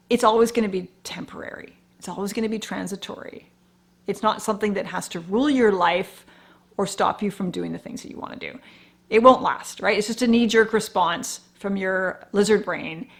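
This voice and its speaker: A woman's voice: medium pitch, vocal fry. A woman in her forties hosting a solo podcast, talking in an earnest, encouraging way with the odd swear. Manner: earnest, encouraging, mildly profane. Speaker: podcast host. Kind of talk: casual solo podcast talk.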